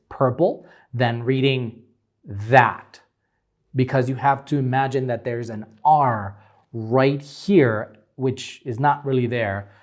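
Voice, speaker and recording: A young man teaching phonetics, explaining symbols slowly with frequent ums while pointing at examples. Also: medium pitch, darkish tone. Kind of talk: phonetics lecture at a board.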